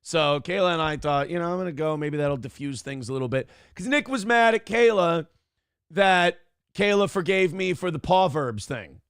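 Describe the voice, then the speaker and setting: Male morning show host with a slightly high voice, dry close recording, rambling and swearing as he tells a story. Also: lively intonation, moderate pace, fairly bright tone, smooth, no room sound. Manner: profane, rambling, acts out quotes in other voices. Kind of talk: casual storytelling monologue.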